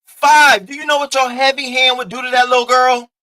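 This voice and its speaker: A man's voice: very high voice, flat delivery, brisk, pushed and bright, rough recording. A man giving blunt, profane, mocking reaction commentary, lecturing his viewer in AAVE. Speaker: commentary host.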